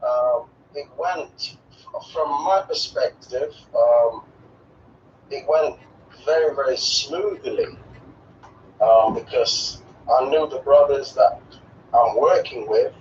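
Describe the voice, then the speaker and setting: A middle-aged man from England, answering remote interview questions in a measured way with frequent hesitations. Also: medium pitch, a little mellow. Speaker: guest. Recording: distant, roomy, lo-fi call audio with faint noise.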